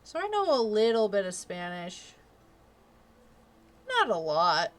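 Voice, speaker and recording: A woman's voice: mid-range voice, wildly swooping pitch, takes it slowly. A young woman streamer chatting casually, laughing often and filling her talk with "like" and "um". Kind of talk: casual chat.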